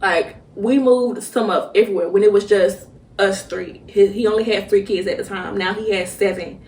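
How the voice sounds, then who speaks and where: A young woman hosts a podcast, talking through a personal story in a halting, emotional way with many restarts. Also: medium pitch, fairly even intonation, darkish tone. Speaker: podcast host. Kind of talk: personal reflective monologue. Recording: roomy echo, mic at a distance.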